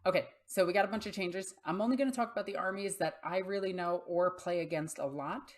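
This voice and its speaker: A woman's voice: fairly low pitch, fast. A young adult woman hosting a casual tabletop gaming video, talking bluntly and swearing freely. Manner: blunt and profane, talks baby talk to her cat. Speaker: YouTube host.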